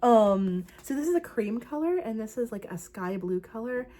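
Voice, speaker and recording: A woman's voice: a little high, lively intonation, normal speed, warm tone. A young woman talking casually about her crochet project, chatty and rambling, with lots of fillers. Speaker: crochet vlogger. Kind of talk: casual craft vlog chat.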